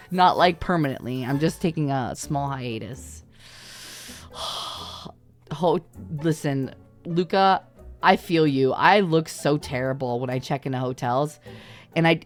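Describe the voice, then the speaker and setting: A woman streamer from Canada chatting casually on a livestream, her voice sitting fairly low. She tells stories in an animated way, laughs a lot and swears freely. Faint music plays behind her. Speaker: VTuber streamer.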